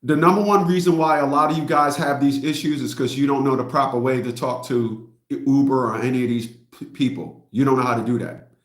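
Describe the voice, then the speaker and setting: A man's voice: medium pitch, steady tone, fairly quick, roomy sound. A middle-aged man hosting a livestream rant, blunt and mocking, repeating himself. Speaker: host.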